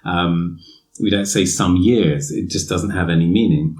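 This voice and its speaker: A man with a fairly low voice talks through a podcast lesson on English grammar. He muses aloud in a loose, easygoing way, full of fillers and restarts, and reads out example sentences to make his points. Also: measured pace. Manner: relaxed and musing, with many fillers and restarts. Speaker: English teacher and podcast host.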